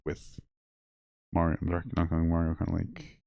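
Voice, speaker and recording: A man's voice: low-pitched, completely flat delivery, normal speed, gravelly, mellow, dry recording. A man, co-hosting a casual podcast, full of crude jokes and laughter. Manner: crude joking banter, laughs often. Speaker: podcast co-host. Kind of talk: casual chat.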